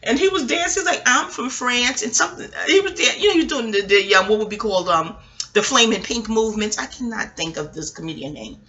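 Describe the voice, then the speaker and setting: Woman astrologer ranting on her podcast, bright sharp voice, cusses a lot, wanders off topic. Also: medium pitch, lively intonation, quick pace, muffled recording. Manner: rambling, profane and digressive. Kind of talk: casual chat.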